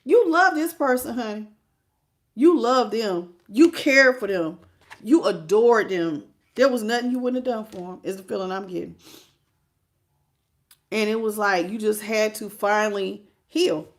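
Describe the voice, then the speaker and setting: A woman giving a live tarot reading, animated and chatty, talking straight to her viewers and fighting back tears. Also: mid-range voice, unhurried. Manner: emotional, on the verge of tears. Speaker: tarot reader.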